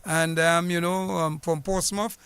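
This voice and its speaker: A man with a high, clear, resonant voice tells his story in a studio radio interview. His manner is earnest and formal, wandering from detail to detail. The sound is dry and close on a studio mic. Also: fairly even intonation, unhurried, fairly bright tone, no room sound. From Dominica. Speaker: guest, former police officer. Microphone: studio mic with headset.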